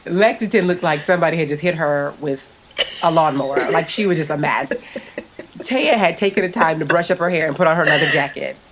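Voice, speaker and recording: A woman co-hosting a podcast, telling a family story in a lively, laughing way. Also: low-pitched, a little fast, a little hiss or hum. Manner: animated storyteller, laughs often. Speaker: podcast co-host. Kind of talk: casual storytelling chat.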